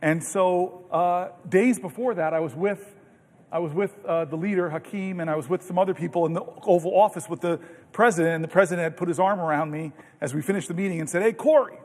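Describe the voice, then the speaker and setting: High-voiced senator in an echoing chamber. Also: male voice. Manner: halting restarts, earnest, animated anecdotes. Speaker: senator giving a floor speech. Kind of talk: long extemporaneous floor speech with storytelling. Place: large legislative chamber. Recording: long reverb of a large chamber.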